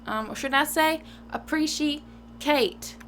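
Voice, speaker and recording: A woman's voice: on the high side, normal speed, slight background noise, low-quality recording. A young woman hosting a casual stream, chatting in a playful, self-deprecating way. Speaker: singer and live-stream host.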